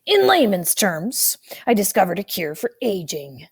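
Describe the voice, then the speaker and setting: A woman's voice: mid-range voice, huge pitch swings, unhurried, breathy edge, heavily acted. A woman voicing a cranky old scientist grandfather now in a thirteen-year-old boy's body, snarky and boastful. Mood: lecturing.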